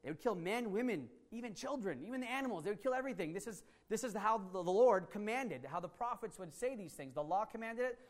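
A man's voice: high-pitched, animated, quick pace, few pauses. A man preaching a teaching sermon, earnest and emphatic, with fillers and restarts as he explains scripture. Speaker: pastor.

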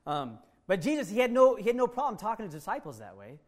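A male pastor preaching a sermon in a conversational, animated way, with self-deprecating asides. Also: high-pitched, quick pace.

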